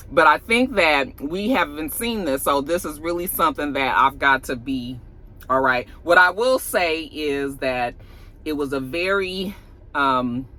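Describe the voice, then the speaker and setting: A man casually recapping and reviewing a TV episode, talking straight to his viewers and acting out lines with animation. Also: on the high side. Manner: animated, acts out characters' lines in a raised voice; chatty, talks straight to the viewers.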